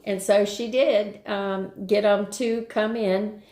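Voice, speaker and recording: A woman's voice: medium pitch, lively intonation, a little slow, a little mellow. An older woman hosting a live stream, telling a rambling everyday story in casual chat and greeting viewers along the way. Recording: roomy echo.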